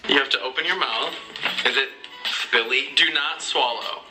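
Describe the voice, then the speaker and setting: A man's voice: medium pitch, moderate pace. A young man bantering and giggling through a silly challenge video. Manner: playful, breaking into laughter. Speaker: challenge player. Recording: echoey room with music.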